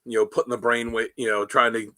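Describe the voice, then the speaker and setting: A man's voice: mid-range voice, flat delivery, quick pace, bright, forceful tone, no echo. A man co-hosting a casual chat, retelling comic book scenes in a rambling way full of "you know" fillers. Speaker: podcast co-host.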